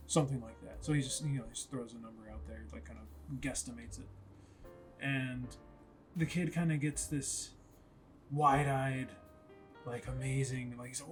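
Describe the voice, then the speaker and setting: A man's voice: medium pitch, little pitch movement, normal speed, over music. A man casually retelling a story in a rambling, conversational way, correcting himself as he goes.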